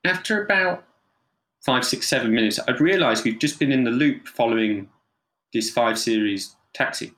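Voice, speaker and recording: A man's voice: medium pitch, moderate pace. A man, a photographer, telling anecdotes casually with plenty of fillers and acted-out voices. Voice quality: animated, lots of fillers and mimicry. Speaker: photographer, podcast guest. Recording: roomy echo.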